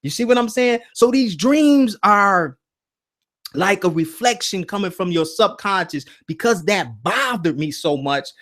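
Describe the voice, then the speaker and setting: A man hosting a casual spiritual talk, telling stories in an animated way and often checking in with "right?" and "you see?". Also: high-pitched, measured pace. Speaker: host.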